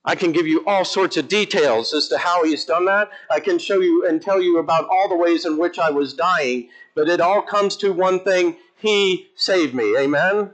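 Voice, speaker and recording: A male Episcopal priest preaching in church with a lively, emphatic delivery, his voice sitting a little higher than most men's. He swings between quiet asides and animated bursts. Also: normal speed, few pauses, poor audio. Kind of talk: sermon.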